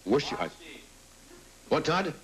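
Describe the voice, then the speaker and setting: Wry talk show host with a roaring audience. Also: male voice, on the high side, sing-song, slow pace, crowd noise, poor audio. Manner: wry, teasing quips. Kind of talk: reading audience cards with jokes. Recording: old TV broadcast with loud audience. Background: studio audience laughing.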